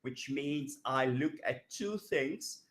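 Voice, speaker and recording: A male teacher giving a recorded grammar lesson, unhurried and steady, with a voice of middling pitch. He leans on "okay" between points and says each example word several times over. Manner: patient, repeats words slowly, frequent "okay". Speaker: English teacher.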